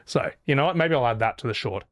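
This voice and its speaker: A man's voice: mid-range voice, animated, quick pace, fairly bright tone, no echo, clean studio sound. A man doing live-stream reaction commentary, opinionated and rambling, with stammered restarts.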